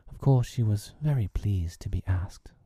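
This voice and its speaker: A man reading a children's classic aloud in a soft, breathy, half-whispered storytelling voice. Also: lowish voice, animated, normal speed, dry recording.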